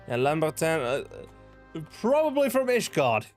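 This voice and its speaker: Lively man thinking aloud while gaming. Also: on the high side, unhurried, long pauses, soft background music. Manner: thinking aloud, reading quest text. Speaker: streamer. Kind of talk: casual let's play commentary.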